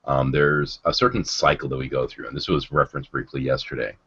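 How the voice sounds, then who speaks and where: A man's voice: a bass voice, steady tone, a little fast, fairly bright tone, breathy edge. A man hosting a casual livestream chat, rambling and sardonic, with lots of ums and restarts. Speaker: livestream host. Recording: dull lo-fi stream audio.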